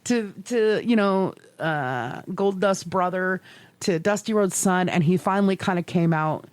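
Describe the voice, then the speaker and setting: Swearing, animated middle-aged woman host. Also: lowish voice, measured pace, clean tone, no echo. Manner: animated, swearing, laughing storyteller. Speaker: podcast co-host. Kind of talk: casual chat.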